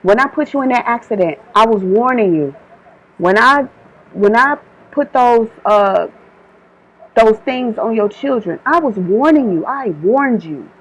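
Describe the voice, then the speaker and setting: A woman's voice: a little high, expressive, measured pace, rough recording. A woman delivering an informal channeled spiritual message, emphatic and repetitive, switching between her own words and quoted divine warnings.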